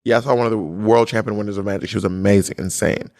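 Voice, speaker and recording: A man talking casually as a guest, an animated storyteller who acts out what others said. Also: lowish voice, quick pace, dry recording, clean studio sound. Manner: animated storyteller, slips into quoted voices. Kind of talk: casual chat.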